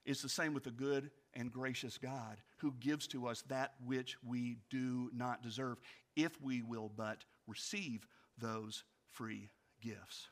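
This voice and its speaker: A male pastor preaching a sermon, asking his congregation direct questions and swinging from loud storytelling to quiet reflection. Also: mid-range voice, takes it slowly. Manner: animated storytelling, rising loud for anecdotes, dropping quiet for reflection.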